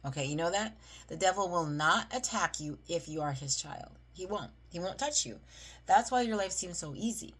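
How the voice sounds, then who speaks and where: Brief: low-pitched woman, devotional host, reads scripture then chats, keeps asking "right?". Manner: chatty, often asks "right?" and leans on emphasis. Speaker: Bible reading video host. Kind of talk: casual devotional talk and scripture reading.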